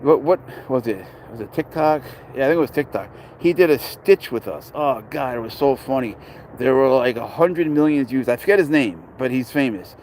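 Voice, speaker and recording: A man's voice: mid-range voice, animated, moderate pace, darkish tone, a little hiss or hum, low-quality recording. A man casually chatting on a livestream about his pet, rambling and blunt, swearing freely as he reads and answers comments outdoors.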